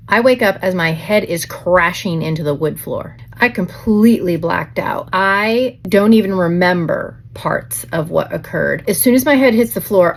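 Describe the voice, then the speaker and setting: A woman in her forties, a beauty vlogger at home, telling a dramatic personal story in a chatty, animated way, acting out her own thoughts as she goes. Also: medium pitch. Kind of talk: casual storytime while doing makeup.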